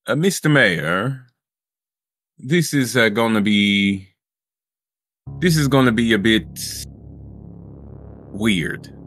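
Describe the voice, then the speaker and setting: A man's voice: fairly low pitch, lively intonation, slow pace, long pauses, fairly bright tone, faint music behind, exaggerated voice. A man voicing a feeble old male collector who walks with a cane, speaking in a put-on accent. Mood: calm. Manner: put-on foreign-sounding accent.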